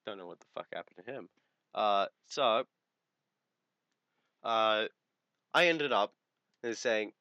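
A man's voice: on the low side, animated, measured pace, pauses often, pushed and bright, dry recording. A teenage man, telling a crude story in casual podcast chat. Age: teens. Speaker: podcast co-host.

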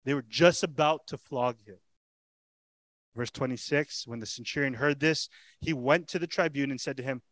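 A man's voice: mid-range voice, normal speed, a bit bright, dry recording. A man preaching a sermon as pastor, telling the story with dramatic emphasis, rhetorical questions and repeated lines. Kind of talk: expository sermon.

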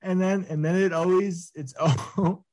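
A man's voice: sits high, steady tone, unhurried, darkish tone. A man co-hosting a podcast in casual chat, laughing often and rambling through his stories with restarts. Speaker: podcast co-host.

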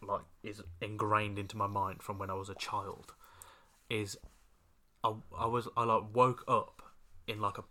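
A woman's voice: rumbling low, little pitch movement, measured pace, pushed and bright. A young woman in casual chat, telling a story with many fillers. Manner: chatty, storytelling, laughs and coughs.

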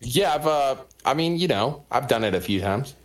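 A man's voice: mid-range voice, lively intonation, moderate pace. A man in his twenties guesting on a podcast, easygoing and agreeable, mostly in short replies. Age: 20s. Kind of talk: casual group chat.

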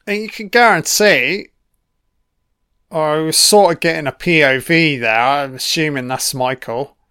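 A man's voice: on the high side, measured pace, sharp tone, clear, resonant tone, dry recording, clean studio sound. A British man giving an audio commentary over a film, swearing constantly and heckling the characters on screen.

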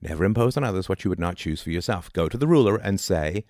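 A middle-aged man lectures informally on philosophy, arguing rhetorically and repeatedly asking "right?". His low, deep voice has a darkish tone, and he is animated and talks fast. The recording is close and dry, with no room echo.

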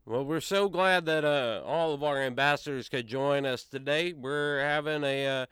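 Guy doing a peppy school head on the loudspeaker, a bit higher than normal. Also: normal speed, clean tone, no echo, clean studio sound, natural voice. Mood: upbeat. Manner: upbeat, announcing.

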